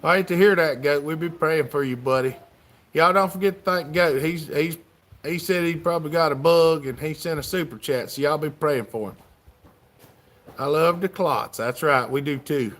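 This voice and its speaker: A man's voice: fairly high pitch, normal speed, fairly bright tone. Folksy Southern man chatting on a livestream. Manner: folksy, drawling, reads chat aloud. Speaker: livestream host. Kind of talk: casual livestream chat.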